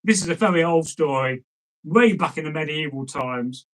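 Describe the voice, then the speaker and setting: A man's voice: a little high, moderate pace, poor audio. A man telling an old folk tale in a casual, chatty way, often breaking off to make asides to the listener. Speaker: storyteller.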